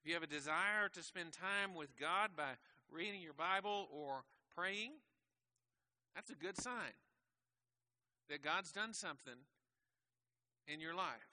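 A man's voice: fairly high pitch, measured pace, long pauses, bright, forceful tone. A man preaching a conversational sermon to a church congregation, asking rhetorical questions. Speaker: pastor.

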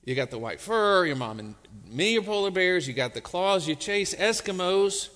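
A man voicing a patient father polar bear in a joke, speaking lower and softer than his usual voice. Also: animated, moderate pace. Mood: exasperated. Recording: long church reverb.

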